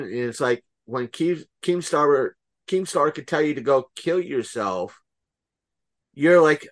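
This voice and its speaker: A man co-hosting a podcast in casual chat, rambling and filling gaps with "uh" and "um," blunt and quick to swear. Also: medium pitch. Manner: rambling, heavy with fillers and restarts. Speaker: podcast co-host.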